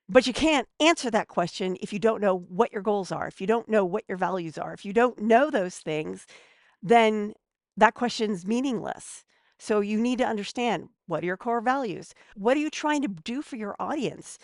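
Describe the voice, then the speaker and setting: A woman's voice: medium pitch, no echo, clean studio sound. A woman giving casual advice as a podcast guest, chatty and a bit snarky.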